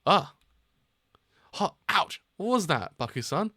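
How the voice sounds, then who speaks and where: Guy doing a timid young sidekick voice, pitched way up, startled and stammery. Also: very animated, takes it slowly, bright, forceful tone, no room sound, studio quality, full character voice. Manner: startled, stammering, high-strung. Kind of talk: manga read-aloud acting.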